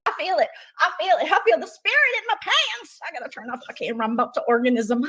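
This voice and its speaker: A woman hosting a livestream, joking loudly and crudely with her viewers. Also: high-pitched. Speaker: livestream host. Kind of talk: livestream chat.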